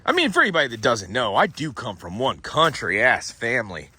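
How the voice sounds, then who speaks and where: This paranormal vlogger from Florida talks fairly quickly in a Southern country accent, his mid-range, husky, sharp voice swooping wildly in pitch. Rambling and jokey, he swears plenty as a companion records on a phone camera.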